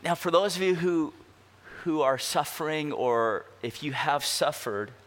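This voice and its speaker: A pastor delivering an expository sermon, asking rhetorical questions and slowing down to stress key words. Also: male voice, on the high side, a bit bright. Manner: emphatic, rhetorical questions, slows down for weight.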